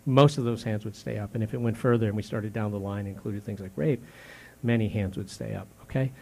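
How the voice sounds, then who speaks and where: A male pastor in his fifties preaching a sermon in a conversational, questioning way, full of restarts, softening on grave words and rising when indignant. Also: on the low side, steady tone, creaky, husky. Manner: drops soft and slow on grave words, rises sharply when indignant.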